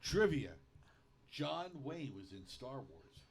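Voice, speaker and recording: A man's voice: medium pitch, sing-song, slow, creaky. A man co-hosting a casual podcast, joking and playful. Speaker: podcast co-host. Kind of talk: casual chat.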